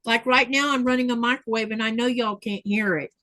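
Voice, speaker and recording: Chatty higher-voiced woman livestreaming. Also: steady tone, brisk, bright, forceful tone, a little hiss or hum, rough recording. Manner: chatty, reads viewer comments aloud. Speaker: livestream host. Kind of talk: casual chat while sewing.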